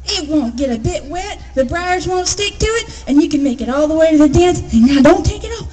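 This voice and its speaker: A woman voicing a boastful, sly male cricket barber who coaxes in a chirpy, flattering, sing-song way in a told folk tale. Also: sits high, brisk. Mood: coaxing.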